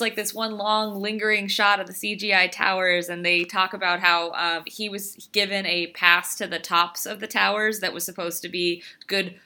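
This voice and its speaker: A woman co-hosting a movie podcast, voicing sharp, emphatic criticism of a film. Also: medium pitch. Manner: opinionated, emphatic. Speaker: podcast co-host.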